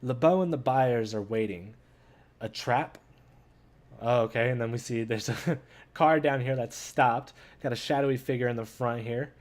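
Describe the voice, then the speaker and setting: A man hosting a gaming channel, reading a comic with viewers in an excitable, chatty way and talking straight to them. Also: mid-range voice, moderate pace. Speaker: gaming YouTuber. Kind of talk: casual read-along commentary.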